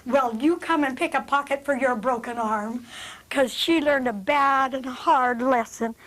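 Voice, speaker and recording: A woman hosting a children's show speaks in a high, bright register to a studio full of young kids. She takes things slowly and patiently, in a gentle, sing-song teacherly way. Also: no room sound.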